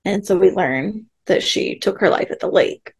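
A woman co-hosting a podcast casually recaps a TV episode, chatty and laughing often as she acts out quoted lines. Her voice is medium-pitched, expressive, and husky, at a normal speed.

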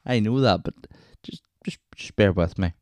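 Deep-voiced Northern Irish man rambling. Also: measured pace, darkish tone, dry recording. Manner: rambling, chatty, self-interrupting with wee asides. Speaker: podcast host. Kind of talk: casual solo storytelling.

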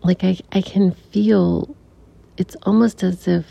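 A middle-aged woman telling a reflective personal story as a podcast guest, softly and haltingly, with many restarts and some near-whispers. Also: on the low side, steady tone, creaky, no room sound. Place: room in a family home. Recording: dull recording with faint air conditioner hum. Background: air conditioner hum.

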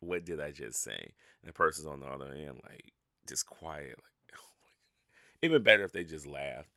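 A man with a very low, gravelly voice talks through a casual solo podcast. His tone is bright and forceful, and he keeps laughing at himself. The sound is close and dry. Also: expressive, brisk, no echo. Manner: rambling, self-mocking, laughs at his own stories. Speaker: podcast host.

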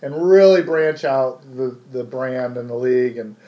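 A man's voice: medium pitch, normal speed, dull audio. A man co-hosting a sports podcast, chatting casually and ranting with plenty of swearing. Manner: profane, ranting, sarcastic. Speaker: podcast co-host.

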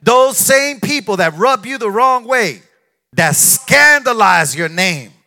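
High, lively-voiced male pastor preaching. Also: slow pace, faint music behind. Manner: call-and-response preaching, emphatic, repeats phrases. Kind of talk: sermon.

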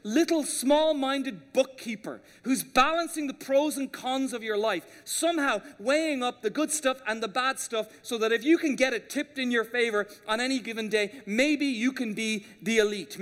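Pastor guy preaching hard, pretty high voice, lots of echo bouncing round the sanctuary. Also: normal speed, few pauses, a bit bright. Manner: impassioned preaching, rising and dropping for emphasis. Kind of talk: sermon. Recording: long reverb of a large hall.

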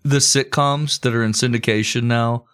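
A man's voice: mid-range voice, fairly even intonation, normal speed, a bit bright, clean tone. A man hosting a comedy history podcast, telling the story casually with crude jokes and plenty of swearing. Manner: crude, joking, swears freely.

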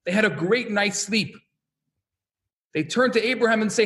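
A man teaching a religious lesson in an animated, storytelling way, acting out voices and asking rhetorical questions. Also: sits high, normal speed. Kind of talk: animated sermon-style lesson.

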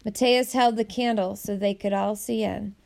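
A woman's voice: medium pitch, fairly even intonation, moderate pace, gravelly, a little mellow. A woman narrating a novel aloud, reading the dialogue with light character shifts. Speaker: audiobook narrator.

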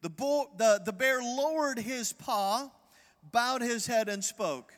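High-voiced preaching man in an echoing hall. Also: takes it slowly. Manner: lively preaching, asks the crowd to respond. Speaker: visiting evangelist. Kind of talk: sermon. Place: church.

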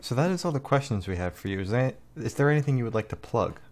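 A woman hosts a podcast interview with a strikingly deep voice. She keeps her reactions short and brisk as she closes out the talk with her guest. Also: animated, a little mellow. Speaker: podcast host.

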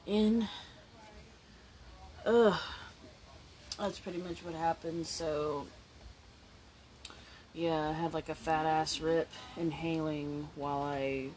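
A woman hosting a casual podcast, relaxed and giggly while stoned, swearing freely. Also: low-pitched, slow pace, long pauses, rough recording. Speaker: podcast host. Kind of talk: casual chat.

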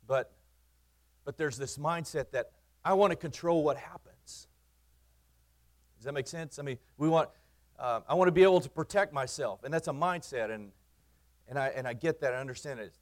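A man, a pastor preaching in his church, earnest, repeating phrases for emphasis and swinging from loud to quiet. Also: on the high side, moderate pace, long pauses. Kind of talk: sermon.

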